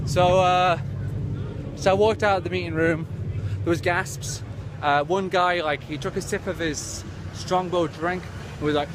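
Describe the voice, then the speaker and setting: Comedy vlogger, a man with a slightly high voice doing a deadpan, profane rambling rant; clear street traffic behind. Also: moderate pace. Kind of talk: absurd comic rant to camera. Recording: clear traffic noise outdoors.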